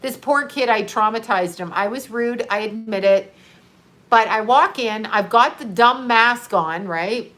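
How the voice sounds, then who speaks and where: A middle-aged woman telling a story in a casual livestream, animated and profane, laughing often. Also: fairly high pitch, unhurried. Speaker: live streamer.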